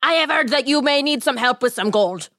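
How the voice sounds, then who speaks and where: A woman voicing a tiny bearded male magical trickster who speaks slowly and solemnly. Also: high-pitched, lively intonation, a bit bright, no echo, studio quality, voice pushed up.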